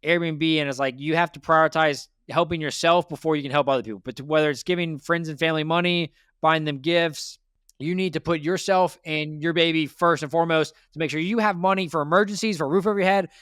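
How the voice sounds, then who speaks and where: Dude rattling off blunt money advice super fast, crisp dry sound, kinda preachy. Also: male voice, on the high side, fairly even intonation, a bit bright, no echo. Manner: blunt, lecturing, repeats points. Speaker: financial advice host. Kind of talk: direct money coaching.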